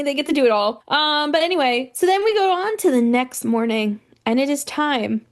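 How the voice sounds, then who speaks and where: A high-pitched woman hosting a podcast, telling a game's plot in a lively, chatty way. She jumps into little character voices as she goes. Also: moderate pace, hardly any pauses. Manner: animated storyteller acting out characters' lines. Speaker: podcast co-host. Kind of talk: casual chat recapping a game story.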